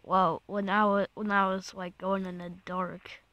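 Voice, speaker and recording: A woman's voice: mid-range voice, flat delivery, unhurried, a bit bright, no room sound, muffled recording. A woman giving casual gameplay commentary, easily startled and exclaiming in fright, rambling and restarting her sentences. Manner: jumpy, keeps exclaiming in fright. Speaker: gaming channel host.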